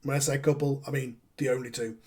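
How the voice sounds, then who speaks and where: A man's voice: medium pitch, little pitch movement, fast, crowd noise. A man serving as game master, narrating a tabletop wrestling game in a loose, upbeat way.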